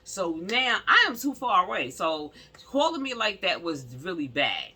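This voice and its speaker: A woman's voice: mid-range voice, sing-song, moderate pace, bright, forceful tone, husky. A woman casually telling a personal story to her viewers, emphatic and rambling, with many asides to the audience.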